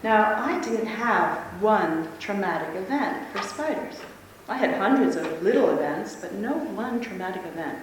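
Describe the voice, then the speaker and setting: A woman speaking at a convention, telling a lively personal story to a live audience with frequent laughter. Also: mid-range voice, measured pace, few pauses, a little hiss or hum. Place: large conference hall. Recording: echoey hall, speaker far from mic.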